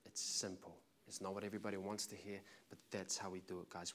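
A man's voice: low voice, little pitch movement, quick pace, hardly any pauses, fairly bright tone, slight background noise. A man preaching a sermon with passion and emphasis, telling a story to make his point.

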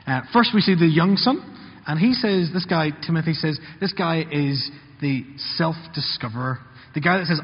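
An earnest male preacher acts out his story characters' words in quotes during a sermon. His fairly high voice is husky and his pace moderate, captured in a muffled recording with long hall reverb.

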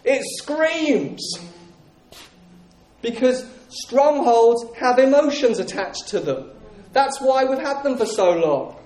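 A male preacher with a fairly high but mellow voice delivers a sermon with emphatic conviction. He drives his points home through repetition. The room around him is echoey. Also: lively intonation, measured pace, hardly any pauses.

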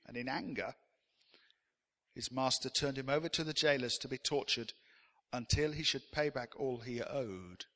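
A man's voice: mid-range voice, normal speed, pushed and bright, in a large hall. A man preaching a sermon as pastor, emphatic, and leading the congregation in call-and-response.

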